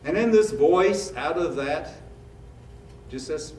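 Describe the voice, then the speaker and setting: A man's voice: a little high, lively intonation, slow, a little mellow, a little hiss or hum. A man preaching a sermon as a pastor, in a conversational style with rhetorical questions. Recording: echoey room, mic at a distance.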